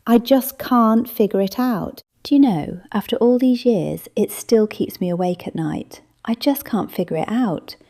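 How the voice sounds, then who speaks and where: A tough, plain-spoken old lady with a gravelly edge, scolding and blunt in her manner, as a woman reads her in an audiobook. Her tone is low and mellow, raised a little above the narration. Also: unhurried, few pauses. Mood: aggrieved. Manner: brusque, forthright, scolding. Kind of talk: audiobook character voice.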